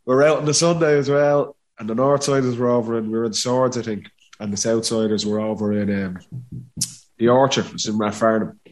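A man's voice: medium pitch, steady tone, brisk, darkish tone. A man in his thirties with a Dublin Irish accent, telling a casual story as a podcast guest, full of acted quotes and laughter. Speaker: podcast guest, former footballer.

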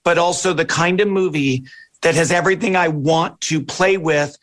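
A middle-aged man, a film director, answering interview questions in a relaxed, chatty, self-deprecating way. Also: on the high side, moderate pace.

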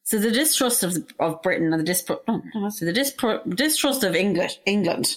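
A woman's voice: mid-range voice, expressive, a little fast. A young woman in casual chat, talking with heated emotion and frequent swearing. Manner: impassioned, emotional, swears freely.

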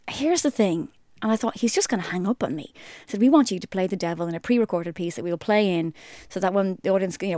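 A woman's voice: medium pitch, no echo, studio quality. A woman co-hosting a podcast, chatting casually and telling stories with lots of laughter. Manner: lively storytelling, laughs often. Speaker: podcast co-host. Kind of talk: casual chat.

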